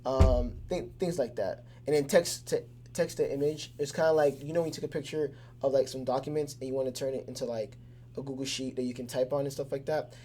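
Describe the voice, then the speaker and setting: A man's voice: medium pitch, fairly even intonation, fairly quick, mellow, slight background noise. A man giving a casual, conversational lesson that breaks the topic down with everyday examples. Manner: loose and conversational, with many fillers and restarts; keeps things simple with everyday examples. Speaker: teacher.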